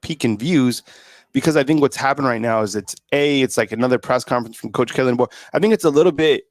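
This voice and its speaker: A man's voice: medium pitch, dry recording. A man hosting a football channel, talking casually and rambling with many fillers. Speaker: host of a college football channel. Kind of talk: casual sports talk.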